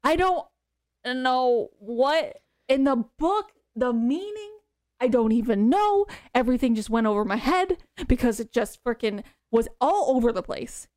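A young woman co-hosting a podcast, chatting excitedly about books with lots of "um" and "like". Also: sits high, unhurried, no echo, studio quality. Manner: chatty, excitable, many fillers like "um" and "like". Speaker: podcast co-host. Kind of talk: casual chat about books.

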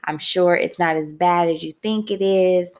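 A young woman hosting a podcast, telling a personal story candidly and expressively, calling her listeners "y'all" and breaking into loud, laughing outbursts. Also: fairly low pitch, a little slow, clean tone. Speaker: podcast host.

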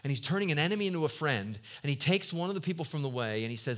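A male pastor preaching a sermon who acts out voices from the story and swings from loud outbursts to hushed, low lines. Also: rapid-fire, hardly any pauses. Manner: animated, acts out voices of biblical figures and God; swings between loud exclaims and quiet, low-voiced asides.

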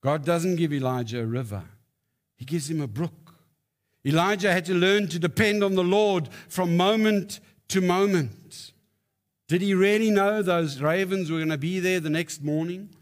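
A man's voice: high-pitched, unhurried. A man preaching a sermon, telling stories with emphatic rises. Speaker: pastor.

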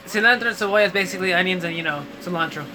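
A young man joking and reacting excitably while friends play a game. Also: high voice, racing, poor audio. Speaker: gaming friend. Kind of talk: casual chat while gaming.

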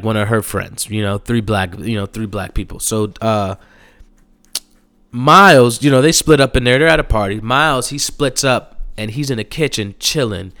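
A man's voice: mid-range voice, a bit bright, clear, resonant tone, dry recording, clean studio sound. Rambling man recapping a movie. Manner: rambling, loose street slang with frequent restarts and fillers.

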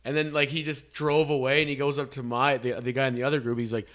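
A man's voice: medium pitch, little pitch movement, fast talker, a bit bright. A man co-hosting a podcast, telling a rambling, profanity-laced story in casual chat. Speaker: podcast co-host.

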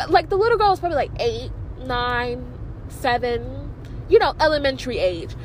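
A young woman vlogging casually, telling excitable stories packed with fillers. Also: high-pitched, normal speed, very noisy. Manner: chatty, filler-heavy, excitable. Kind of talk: casual vlog storytelling.

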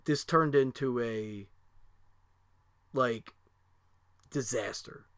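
A man's voice: mid-range voice, drawn-out words, a bit bright, dry recording. A middle-aged man telling a family story in casual chat, rambling with lots of fillers and restarts, and swearing freely.

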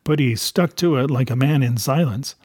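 A man reading a novel aloud in a steady, measured storytelling voice. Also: medium pitch, slightly rough, no echo, studio quality. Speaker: reader.

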